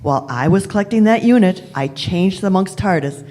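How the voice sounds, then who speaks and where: A wily time traveller , voiced by a woman, speaks with imperious, deliberate authority and leans on every phrase. It is a live fan radio play. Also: medium pitch, animated, warm tone, close to an everyday voice. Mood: explaining. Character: wily elderly female time traveller, the Doctor.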